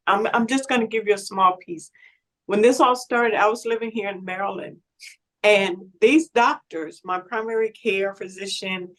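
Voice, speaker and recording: A woman speaking on a panel as a patient, sharing her story in an earnest, halting way and often repeating words. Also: mid-range voice, fairly bright tone, rough recording. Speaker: patient advocate. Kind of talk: panel discussion, personal testimony.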